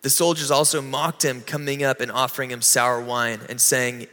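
A man preaching a sermon in a conversational way, slowing down and lifting his voice to stress key moments. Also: mid-range voice, little pitch movement, sharp tone, big-room sound. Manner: conversational preaching, slows and rises for emphasis. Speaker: pastor.

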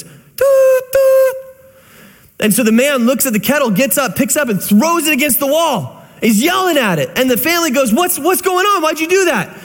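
A young man preaching a sermon as a pastor, telling stories with lively acted-out voices and sound effects. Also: sits high, long reverb tail. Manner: animated storyteller, acts out voices and sounds.

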